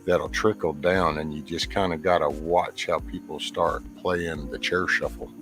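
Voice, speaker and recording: A man with a Texan drawl hosts a loose, rambling chat, clipping his words short as he goes. His voice sits very low. Faint music plays underneath. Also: fairly even intonation, measured pace. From Texas, USA. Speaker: host. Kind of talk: casual chat.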